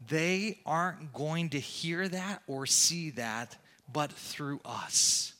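Male pastor, slow measured delivery, impassioned sermon with big swings in volume. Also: a little high. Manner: impassioned preaching, swinging from loud to hushed.

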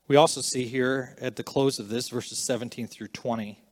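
A man preaching a sermon, earnest and emphatic in places, quieter and reflective in others. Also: medium pitch, steady tone, moderate pace. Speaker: pastor.

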